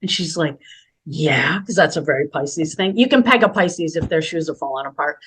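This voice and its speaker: A talkative middle-aged woman with a slightly low voice, telling stories in a relaxed interview. She laughs easily and rambles from one anecdote to the next. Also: a little hiss or hum. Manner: chatty, storytelling, quick to laugh. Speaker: guest spiritual healer. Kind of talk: casual interview conversation.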